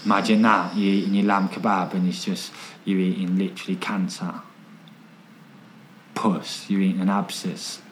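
A man's voice: low-pitched, level tone, moderate pace, slight background noise. A man, telling stories in casual chat, repeating himself and swearing freely. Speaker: podcast guest.

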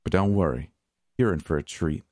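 A man's voice: moderate pace, darkish tone, no echo, studio quality. A man voicing a crude, leering male prisoner in an audiobook. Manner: crude and leering, turns to shrill screaming. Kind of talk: audiobook character voice.

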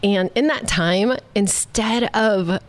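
A woman guest on a business podcast in a studio, talking in a bubbly, quick and upbeat way. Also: mid-range voice, a little hiss or hum. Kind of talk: conversational interview.

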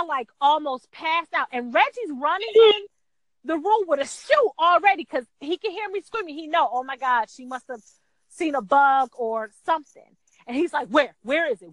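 A woman telling a casual story in a lively way, acting out the quotes in a higher voice. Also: no echo, low-quality recording. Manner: animated, acts out quotes in a high voice. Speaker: guest.

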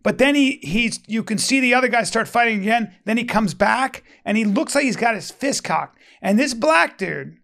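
A man's voice: very high voice, expressive, normal speed, vocal fry, few pauses, fairly bright tone. A man chatting casually, telling a rambling, profane story with lots of restarts. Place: Venice, Los Angeles resident.

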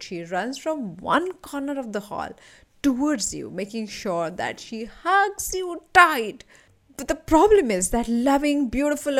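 Animated woman motivational coach. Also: fairly high pitch. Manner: animated, addresses listener as my friend. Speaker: leadership and anti-anxiety coach, podcast host. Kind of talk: motivational podcast storytelling.

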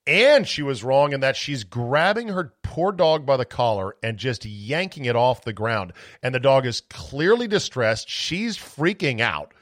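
A man's voice: medium pitch, big pitch swings, a little slow, few pauses, fairly bright tone, dry recording, studio quality. A man hosting a solo sports talk podcast, ranting bluntly with profanity and sarcasm.

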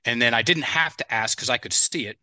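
A middle-aged expert guest on a podcast tells stories energetically, often acting out what others said and speaking straight to listeners. His medium-pitched voice is very bright and tense, brisk, and recorded close and dry on a headset mic with no room sound.

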